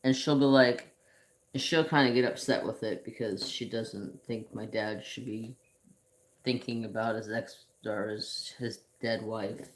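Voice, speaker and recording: A man's voice: on the low side, steady tone, a little hiss or hum. A man hosting a craft channel, telling rambling personal stories in casual chat while he paints at home. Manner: slow, rambling storytelling with restarts.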